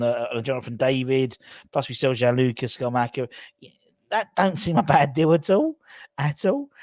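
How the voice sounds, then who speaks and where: A man's voice: mid-range voice, a little mellow, no echo. Chatty man, dry sound. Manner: chatty, rambling, jokey asides. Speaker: fan channel host. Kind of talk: casual solo transfer-news chat.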